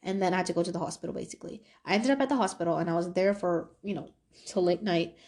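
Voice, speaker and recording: Animated young woman telling a story. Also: fast. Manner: animated, acts out quoted dialogue with pitch jumps. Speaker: podcast host. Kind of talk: casual storytelling monologue.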